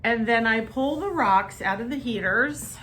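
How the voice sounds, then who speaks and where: A woman massage therapist telling a story to camera in a chatty, animated way, talking straight to her viewers. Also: on the high side, unhurried, a little hiss or hum. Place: her treatment room.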